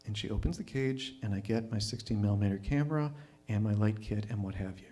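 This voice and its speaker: A man's voice: fairly low pitch, fast, hardly any pauses, warm tone. A man telling a personal story at a live storytelling night, wry and self-mocking.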